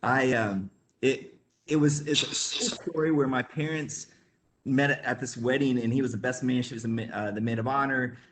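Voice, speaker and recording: A man's voice: medium pitch, normal speed, fairly bright tone, slight background noise. A man who grew up in the Midwest, telling a rambling casual story with lots of fillers, laughs and acted-out quotes. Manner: acts out quoted voices. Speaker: webinar guest.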